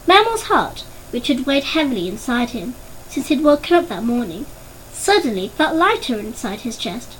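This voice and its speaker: A woman reads a story aloud as an audiobook narrator, her voice high and very lively in pitch. She tells it expressively, bringing the scenes to life. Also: normal speed, slight background noise, low-quality recording.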